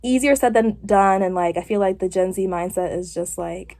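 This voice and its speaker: A woman's voice: mid-range voice, lively intonation, moderate pace, few pauses, warm tone. Chatty young woman rambling in a salon chair. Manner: rambling, chatty, with frequent fillers. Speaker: vlogger. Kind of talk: casual chat.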